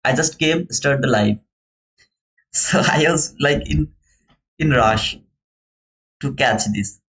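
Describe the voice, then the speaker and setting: The recording is rough, and the voice is medium-pitched, fairly bright, and unhurried. It belongs to a young live-stream host with a non-native English accent who casually and earnestly talks viewers through his futures trades, calling each of them brother.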